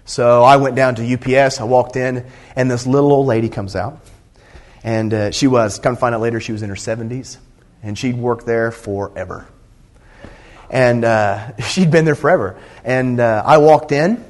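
A man's voice: medium pitch, moderate pace. Earnest conversational male preacher. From Indiana, USA. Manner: conversational, earnest, with frequent restarts and asides. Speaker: pastor. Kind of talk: sermon.

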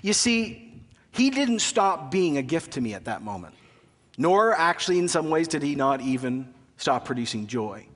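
A man in his thirties preaching a sermon as a pastor, telling a family story with animated, self-mocking humor. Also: a little high, normal speed. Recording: long hall reverb.

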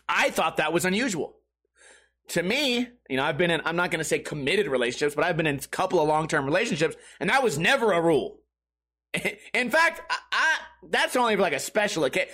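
Podcast host, man, high bright voice, casual comedic storyteller who rambles and repeats himself. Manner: rambling, amused, repeats words and quotes friends.

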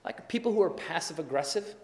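A pastor giving a sermon in a relaxed, conversational way, acting out little everyday scenes as he goes. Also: on the high side, quick pace. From Wisconsin, USA. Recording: long hall reverb.

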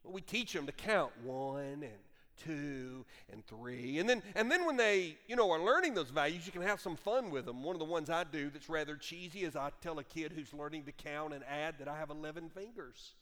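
A male pastor preaching a sermon in an animated storytelling manner, with humor. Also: on the high side, normal speed, hardly any pauses. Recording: long reverb of a large hall.

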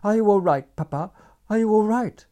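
A man reading a story, voicing a desperate young woman in a high, gabbling, pleading voice. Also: animated, slow, vocal fry, dark tone, breathy edge, exaggerated voice. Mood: frantic.

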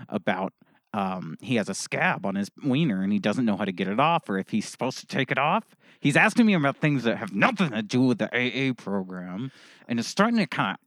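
An actor playing a gruff, defensive middle-aged man who drinks and makes threats, heard over a video call. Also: on the low side, a bit bright, dry recording, clean studio sound. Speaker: improv comedy guest.

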